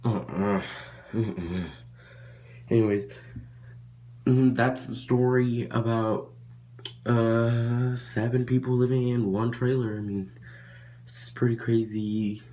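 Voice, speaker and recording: A man's voice: mid-range voice, fairly even intonation, slow pace, pauses often, dark tone. A young man vlogging a casual story, rambling with lots of fillers and restarts.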